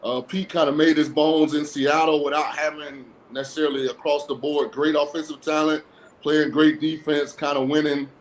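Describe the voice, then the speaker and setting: A man's voice: a little high, little pitch movement, normal speed, slight background noise, rough recording. A man appearing as a guest on a sports talk show, giving blunt, sarcastic takes in a casual way. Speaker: guest football analyst. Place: lives in a cold-weather state.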